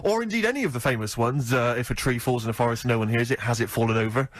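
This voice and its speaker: A quick-talking English man in his thirties riffs wryly through studio radio banter. He keeps up a brisk pace, building jokes on top of his co-host's stories. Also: mid-range voice, dry recording. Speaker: radio co-host.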